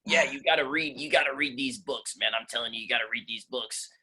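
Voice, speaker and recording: A man's voice: mid-range voice, quick pace, pushed and bright, slightly rough, poor audio. A man imitating his laid-back former boss, who keeps insisting on the same advice. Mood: insistent.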